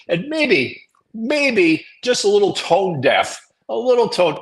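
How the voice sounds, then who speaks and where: Male solo host of a live business show: opinionated, wry, quick to chuckle at his own jabs. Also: mid-range voice, fairly bright tone, poor audio. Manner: mocking emphatic read-outs of quoted rants.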